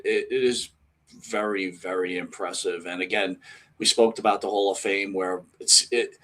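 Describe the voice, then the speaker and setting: Low-voiced male co-host. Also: a bit bright. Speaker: podcast co-host. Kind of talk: conversational interview.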